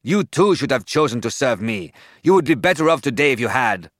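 A man's voice: mid-range voice, expressive, a bit bright, no room sound. Storybook villain: a taunting male serpent, read by a man, dry close sound. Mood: gloating. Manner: slow taunting hiss. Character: menacing giant male serpent, gloating and cruel.

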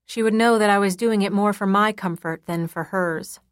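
A woman reading a first-person novel aloud in a measured, intimate storytelling manner. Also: mid-range voice, no echo, clean studio sound. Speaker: audiobook narrator. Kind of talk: first-person audiobook narration.

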